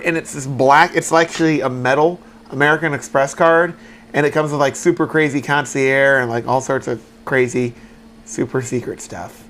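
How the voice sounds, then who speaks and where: A slightly high-voiced man with a stuffy nose trades jokes on a casual podcast. He rambles, restarting his questions as he thinks aloud. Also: steady tone, moderate pace, fairly bright tone, a little hiss or hum. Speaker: co-host.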